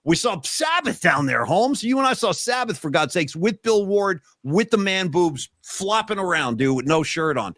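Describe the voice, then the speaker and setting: A middle-aged man riffs through a casual podcast chat about sports and pop culture. His talk is animated, sitting fairly high and swinging widely in pitch. The sound is dry and close, with no room around it. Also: moderate pace, few pauses, no echo. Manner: animated, swings into loud impressions and sung lines. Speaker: podcast co-host.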